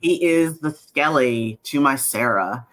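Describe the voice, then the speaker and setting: A woman who created an animated series, chatting casually in an interview about her cast with many fillers. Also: very deep voice, slow pace. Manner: chatty, many fillers, acts out quotes in lively voices.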